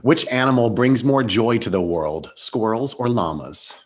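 A man hosting an interview, upbeat and laughing often as he fires off quick quiz questions. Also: medium pitch, expressive. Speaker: interview host. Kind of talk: podcast interview with quiz round.

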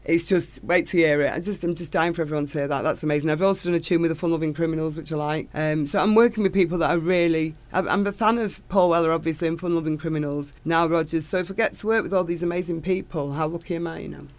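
A woman's voice: low voice, fast, few pauses. A middle-aged woman singer, chatting enthusiastically as an interview guest. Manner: gushing, enthusiastic storytelling. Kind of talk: casual interview chat.

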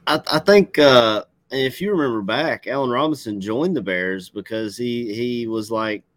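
A man's voice: mid-range voice, moderate pace, no echo. A man with a Southern US accent, chatting about football in a laid-back, easygoing way. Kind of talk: casual sports chat.

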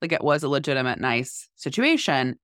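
A woman's voice: a bass voice, sing-song, fairly quick, fairly bright tone, dry recording, clean studio sound. A woman in her forties, a podcast co-host, telling a story in casual chat with animation and acting out what people said.

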